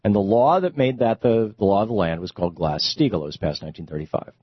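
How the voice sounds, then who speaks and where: A man's voice: lowish voice, expressive, fast talker, breathy edge, no room sound, highs cut off. A man hosting a radio talk show, explaining in a conversational, emphatic way with rhetorical questions.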